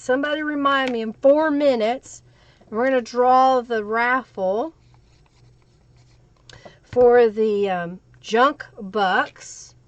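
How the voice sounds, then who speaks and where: A woman with an Oklahoma Southern accent hosts a live crafting stream, chatting casually and answering viewer comments as she works. Her voice is high-pitched and the audio sounds dull.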